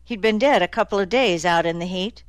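A woman's voice: medium pitch, a little fast, no echo, lightly acted. A woman doing a sardonic, impatient male detective. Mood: deadpan. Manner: dry, cutting, needling. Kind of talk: audiobook character voice.

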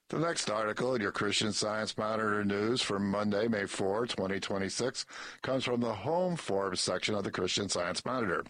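A man reading newspaper articles and a short story aloud in a measured, even delivery. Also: on the low side. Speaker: news article reader.

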